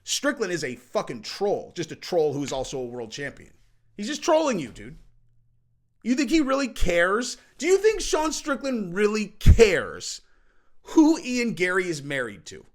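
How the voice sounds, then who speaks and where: A male commentary host ranting casually in blunt, profane language, with a dry, wry edge. His voice sits fairly high for a man. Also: huge pitch swings, measured pace. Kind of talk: casual rant-style commentary.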